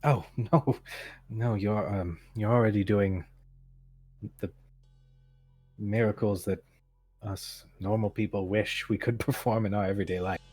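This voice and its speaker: A man's voice: fairly low pitch, fairly even intonation, unhurried, long pauses, a little mellow, breathy edge, soft background music. A man voicing a polite, stammering priestess. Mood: gentle. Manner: formal, apologetic, stammering. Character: patient, polite female temple priestess.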